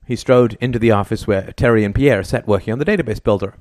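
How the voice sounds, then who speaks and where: A man reading an audiobook in scripted narration with an even, plain delivery. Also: lowish voice, fast talker, dry recording, clean studio sound.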